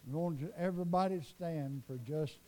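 A man's voice: a little high, a little fast, mellow. A man preaching a revival sermon, telling a story fervently and repeating himself as his voice surges up. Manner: fervent, repetitive storytelling with sudden rises.

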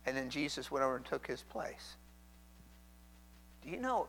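A man with a notably high-pitched voice preaches a sermon, reading verses aloud and then stopping to explain them. He is emphatic, repeats his phrases, and keeps urging the listener to picture the moment. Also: expressive, moderate pace, pauses often, a bit bright, a little hiss or hum, rough recording. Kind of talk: sermon, reading scripture with commentary.

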